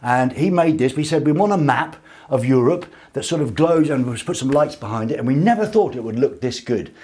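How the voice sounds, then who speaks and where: A man's voice: medium pitch, expressive, brisk, a little mellow, breathy edge. A man hosting a casual live show from a small studio, reading out viewer comments with cheeky, rambling jokes. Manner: jokey, rambling, cheeky asides.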